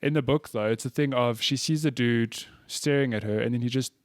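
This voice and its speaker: A man's voice: mid-range voice, a little fast, dry recording, studio quality. A man co-hosting a podcast in casual chat, chatty and given to swearing and laughing. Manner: chatty, swears and laughs often, many restarts. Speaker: podcast co-host.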